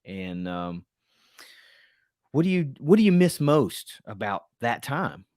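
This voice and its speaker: Middle-aged host, relaxed rambling interviewer, dry close sound. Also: male voice, medium pitch, takes it slowly, dry recording. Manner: friendly, rambling questions, laughs easily. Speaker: podcast host. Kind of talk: casual podcast interview.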